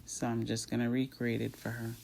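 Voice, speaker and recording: In a very deep, slightly mellow voice with vocal fry, a woman talks briskly with a completely flat delivery, with slight background noise. A home cook and channel host, she narrates each step chattily in a separately recorded voice-over, opening lines with "so now."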